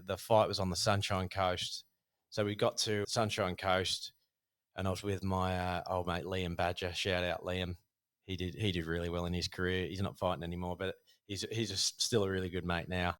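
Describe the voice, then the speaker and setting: A middle-aged Australian man, a podcast guest, telling stories in a rambling, animated way with many fillers. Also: sits low, smooth. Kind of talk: casual storytelling.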